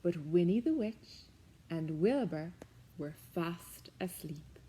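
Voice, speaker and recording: An Irish woman reads a children's picture book aloud at an unhurried pace. Her pitch rises and falls in wide, lively swings. She softens her voice on the quiet tag lines. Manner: slow, expressive, dropping soft on the tag lines. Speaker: librarian storyteller.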